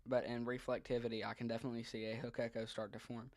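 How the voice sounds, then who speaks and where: A man talks through live weather radar as he watches it, pausing often with ums and hedging his calls. His voice sits at an ordinary middle pitch. The sound is dry and close, with no room around it. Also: little pitch movement, darkish tone, no room sound. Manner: hesitant, frequent ums and trailing pauses; thinking aloud, unsure.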